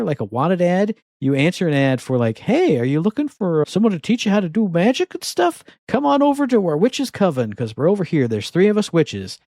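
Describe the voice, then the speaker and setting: A man's voice: mid-range voice, darkish tone, no room sound. A man with a mid-range voice co-hosts a casual podcast, chatty and wry as he runs through new game releases. His voice sits dry and close to the mic with no room sound. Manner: chatty, wry, self-deprecating. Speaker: podcast co-host.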